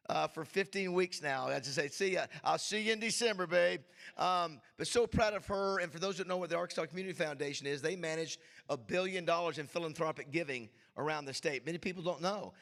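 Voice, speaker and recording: A man emceeing a club luncheon, with a gravelly, somewhat high voice. He pumps up the crowd with shout-outs and gets emotional along the way. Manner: hyped crowd-rousing, emotional asides. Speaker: host. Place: banquet hall.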